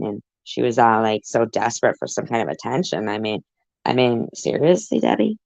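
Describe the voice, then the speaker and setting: A woman's voice: rumbling low, lively intonation, normal speed, vocal fry, a little mellow, dry recording. A woman hosting a reaction commentary, talking back at a clip with sarcastic, mocking asides. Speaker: commentary channel host. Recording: muffled lo-fi audio.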